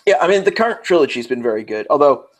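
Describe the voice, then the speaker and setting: Chatty New York podcast co-host. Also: male voice, mid-range voice, sing-song, fast talker. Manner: chatty, rambling, self-interrupting. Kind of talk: casual round-table chat.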